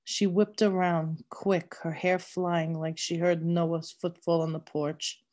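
Woman narrator for a read-aloud novel; low, unhurried, mellow delivery. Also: little pitch movement. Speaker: reader.

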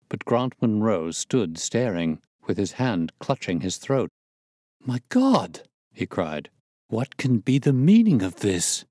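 A man reading a classic detective story aloud as scripted narration, steady and measured. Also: on the low side, dry recording, clean studio sound. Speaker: audiobook narrator.

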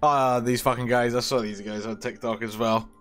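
Man, casual gameplay commentary, amused, mid pitch, faint game music. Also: fairly even intonation, normal speed, a bit bright. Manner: amused, laughs often. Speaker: gameplay streamer.

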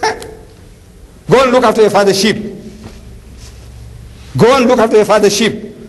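A man's voice: sits high, normal speed, voice pushed up, close to an everyday voice. A man voicing a scornful veteran army commander who dismisses a boy.

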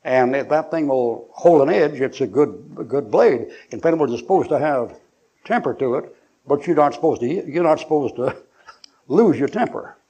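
Older male pastor, gravelly slightly high voice, folksy storyteller. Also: lively intonation, moderate pace, warm tone. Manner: joking, acts out voices, laughs often. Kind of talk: folksy preaching with anecdotes. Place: church sanctuary.

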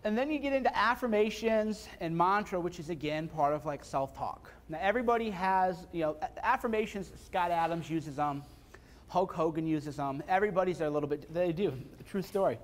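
Man, high-pitched voice, seminar speaker, casual blunt delivery, repeats himself for emphasis. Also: brisk. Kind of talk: live seminar talk. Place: seminar room before an audience.

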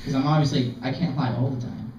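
A young man performing open mic stand-up comedy in a self-deprecating, halting, rambling way. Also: mid-range voice, steady tone, a little mellow, far from the mic, slight background noise. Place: small art gallery open mic. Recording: dull, echoey room recording from afar.

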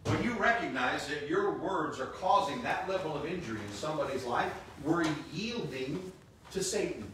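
A man's voice: a little high, expressive, moderate pace, fairly bright tone. A man in his fifties preaching a sermon as pastor, emphatic, repeating phrases and slipping in joking asides. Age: 50s. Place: church sanctuary. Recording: echoey hall, distant mic, faint hiss.

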